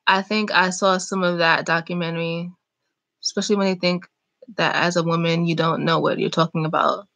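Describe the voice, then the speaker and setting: A young woman chatting casually on a live stream, reading and answering viewer comments in an animated, talkative way. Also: on the low side, fairly quick, dull audio. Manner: chatty, animated, talks back to chat comments. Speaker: vlogger hosting a live chat.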